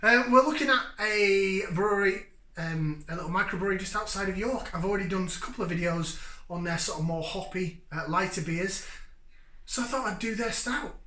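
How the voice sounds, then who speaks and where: A high-pitched man, originally from Yorkshire, talks his viewers through a beer review in a chatty, joking, upbeat way. His voice bounces around a roomy, echoing space. He sounds like a man in his forties hosting his own casual channel. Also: brisk, sharp tone. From Yorkshire, England.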